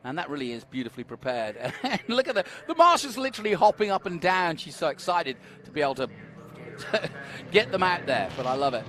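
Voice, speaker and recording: A man's voice: fairly high pitch, sing-song, a little fast, fairly bright tone. A man commenting live on a motor race, chatty and enthusiastic, with friendly asides about the cars. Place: outdoors at a race track.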